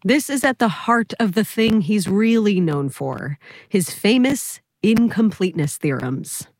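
A woman co-hosting a podcast, reading clear, scripted summaries that link the discussion. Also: medium pitch, expressive, a little slow, darkish tone, no echo, clean studio sound. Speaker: co-host.

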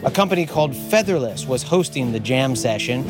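A man delivering a scripted radio news report in a measured, even way. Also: mid-range voice, over music.

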